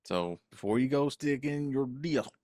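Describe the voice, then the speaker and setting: A man's voice: mid-range voice, lively intonation, a little slow, mellow, dry recording, studio quality. An older man co-hosting a podcast, joking in a folksy way and talking to his chat. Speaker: co-host. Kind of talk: casual podcast banter.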